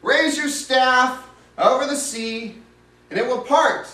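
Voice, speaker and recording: A man's voice: very high voice, bright, forceful tone, pitched above the performer's own voice, full character voice. Man voicing God, stern and commanding. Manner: commanding, slow and raised. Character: God, stern and reassuring, male. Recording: roomy, distant mic.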